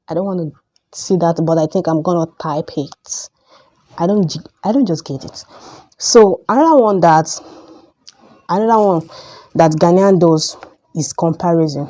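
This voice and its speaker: A young Nigerian woman with a Nigerian accent, giving an emphatic opinion vlog that repeats its points and jumps up in pitch when heated. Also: dark tone. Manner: emphatic, repetitive, rises sharply when heated. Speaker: vlogger.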